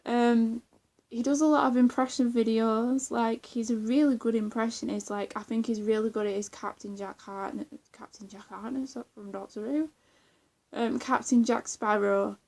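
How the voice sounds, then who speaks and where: A woman's voice: on the high side, steady tone, normal speed, vocal fry, darkish tone. A young woman chatting casually in a vlog, rambling with lots of fillers, restarts and giggles. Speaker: vlogger. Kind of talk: casual chat.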